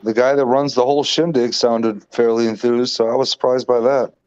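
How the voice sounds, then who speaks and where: A man's voice: medium pitch, flat delivery, a little fast, darkish tone. Brief: male car guy, mid voice, matter-of-fact, muffled remote line. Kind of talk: casual live chat.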